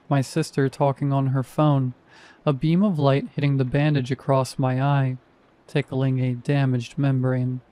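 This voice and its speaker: Mellow-voiced man narrating horror. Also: mid-range voice.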